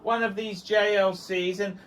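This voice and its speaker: Excitable man, high bright voice. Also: unhurried. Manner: enthusiastic, rambling, repeats words for emphasis. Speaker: watch reviewer. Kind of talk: casual video review.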